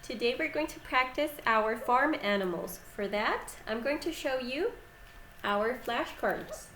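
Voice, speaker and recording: Brief: young woman who teaches kids, sing-song and lively, faint ambience behind. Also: fairly high pitch, unhurried, slight background noise. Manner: sing-song, animated, makes animal sounds. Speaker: children's English teacher. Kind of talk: lively lesson for young children. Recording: echoey room with faint ambience.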